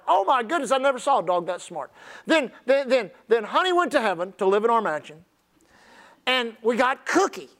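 Animated preacher man, high voice. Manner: folksy, humorous, animated storyteller. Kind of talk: sermon with storytelling.

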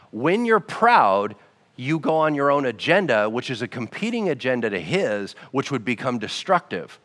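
Energetic male pastor, bright voice with a wide range, conversational sermon, long church-hall reverb. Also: mid-range voice. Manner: animated, conversational preaching with acted-out dialogue.

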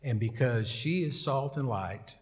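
A man's voice: medium pitch, a little slow, darkish tone, breathy edge, in a large hall. A man preaching a casual sermon, telling a story in a folksy, joking way.

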